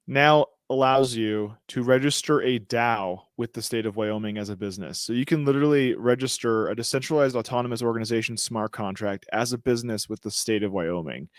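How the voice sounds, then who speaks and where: A man's voice: mid-range voice, no echo, clean studio sound. A man co-hosting a casual podcast, reading news aloud with slangy jokes and cheerfully stumbling over his words. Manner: joking, slangy, trips over words and laughs it off. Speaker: podcast co-host.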